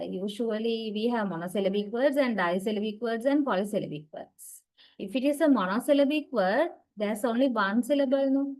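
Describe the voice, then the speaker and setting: Captured in a rough recording, a woman gives a university lecture about English word stress in her second language. Her voice is fairly high and a little mellow, broken up by frequent "uh" fillers, restarts, and checks like "right?" and "okay".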